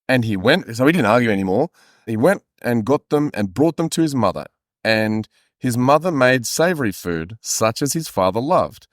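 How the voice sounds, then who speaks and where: A man's voice: medium pitch, lively intonation, normal speed, no echo, clean studio sound. A man co-hosting a comedy podcast who reads aloud and breaks off into crude, joking asides. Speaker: podcast co-host reading the text aloud. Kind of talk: casual comedic chat and reading aloud.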